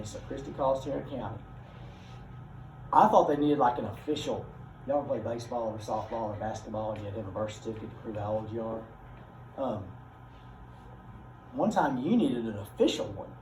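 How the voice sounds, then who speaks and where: A man teaching a class, explaining ideas through folksy, animated personal stories. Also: mid-range voice, normal speed, pauses often. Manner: folksy and animated, drawling asides. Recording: echoey room, mic far off, noisy.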